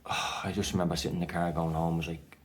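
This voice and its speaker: Deep, flat-voiced Irish man. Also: racing. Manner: rambling, frequent "like" fillers and restarts. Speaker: vlogger sharing his anxiety story. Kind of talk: casual storytelling to camera.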